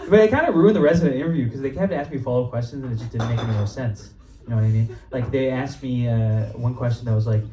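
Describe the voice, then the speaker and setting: A man's voice: medium pitch, fast talker, dark tone, slight background noise. A young man doing a stand-up comedy set in a club, casual and profane, laughing at his own jokes. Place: comedy club stage before a live audience. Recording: roomy live club sound, mic at a distance, crowd. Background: audience laughter and cheers.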